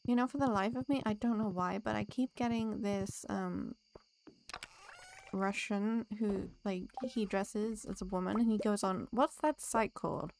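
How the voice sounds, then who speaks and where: A woman's voice: mid-range voice, unhurried, creaky, a little mellow, slight background noise. A woman streamer chatting casually with her live viewers while she plays, teasing them back in a playful way and laughing often.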